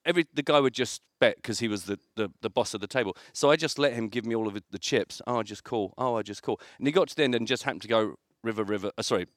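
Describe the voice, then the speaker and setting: A man's voice: medium pitch, a bit bright, dry recording, studio quality. A man co-hosting a podcast, telling a story in casual chat and slipping into quoted voices. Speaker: podcast co-host.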